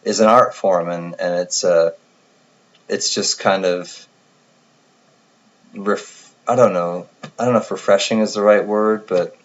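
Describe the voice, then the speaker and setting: A man's voice: low voice, steady tone, a little slow, pauses often. A man hosting a casual livestream chat, rambling and correcting himself as he goes, often laughing. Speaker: livestream host. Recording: dull lo-fi stream audio.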